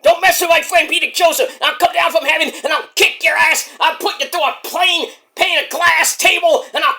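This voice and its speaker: A man voicing a rowdy, hot-tempered old male wrestler speaking from heaven, boastful and quick to threaten. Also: very high-pitched, steady tone, gravelly, sharp tone, pitched above the performer's own voice, exaggerated voice. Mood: riled up.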